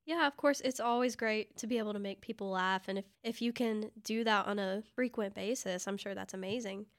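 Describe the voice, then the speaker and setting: A woman's voice: medium pitch, no echo. Upbeat woman host with a dry, close sound. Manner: upbeat, quick to laugh and affirm. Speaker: podcast host. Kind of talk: interview questions.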